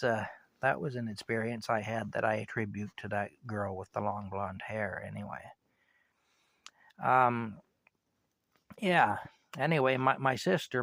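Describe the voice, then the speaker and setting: A man's voice: medium pitch, dry recording. An older man telling a personal story in a casual, rambling way, often saying "anyway" and "you know".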